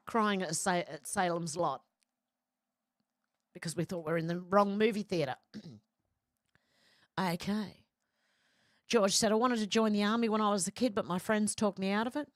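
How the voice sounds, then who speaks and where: Reading out her chat on a casual livestream, a woman with a medium-pitched voice rambles between comments, full of fillers and false starts. There's no room sound.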